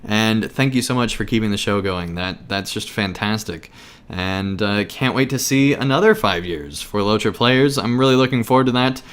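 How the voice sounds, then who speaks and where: A man's voice: on the low side, moderate pace, fairly bright tone, clear, resonant tone. A man giving a casual podcast thank-you message in an earnest, grateful way, with a few fillers.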